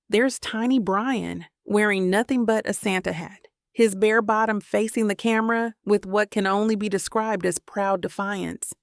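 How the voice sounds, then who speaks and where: A woman's voice: mid-range voice, vocal fry, no room sound. A woman narrating a first-person romance audiobook in a tender, reflective manner, recorded on a close mic.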